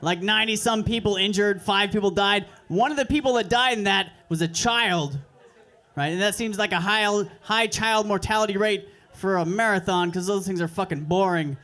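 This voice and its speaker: A young man doing a stand-up set at an open mic, with crude, deadpan, self-mocking delivery on a handheld stage mic. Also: sits high, moderate pace. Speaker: stand-up comedian. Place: comedy club stage.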